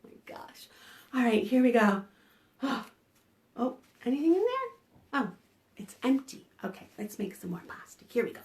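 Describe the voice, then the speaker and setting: A woman children's librarian leading a preschool storytime, animated and playful, gasping and chanting sing-song rhymes for small children. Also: fairly high pitch, moderate pace, long pauses.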